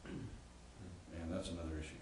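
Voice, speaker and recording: A man with a fairly low voice gives a classroom lecture on Greek grammar, stopping to quiz his students and filling the pauses with ums and uhs. He is picked up from a distance in a very echoey room, with faint room noise under him. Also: darkish tone. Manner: explains and quizzes students, many fillers. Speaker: Greek instructor.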